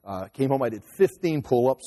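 Husky 50s guy rambling a story, lots of restarts, long echo. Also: medium pitch, animated, dark tone. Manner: rambling, halting restarts, acts out voices in quotes. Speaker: teacher and speaker. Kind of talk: casual personal story. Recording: long hall reverb.

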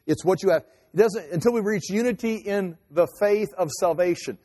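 A man preaching a sermon in a conversational, animated way with quick asides. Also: high voice. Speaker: pastor. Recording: long hall reverb.

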